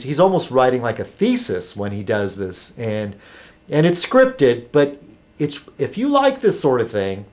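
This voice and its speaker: A man's voice: medium pitch, a little mellow. A man rambling casually on a webcam vlog, chatty and full of ums and restarts. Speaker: video blogger.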